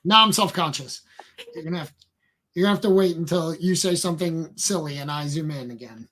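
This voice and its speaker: Husky guy cohosting a stream, dry jokes, dodges compliments. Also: fairly high pitch, fairly quick, a bit bright. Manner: dry, self-deprecating banter. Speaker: co-host of a livestream. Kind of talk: casual livestream chat.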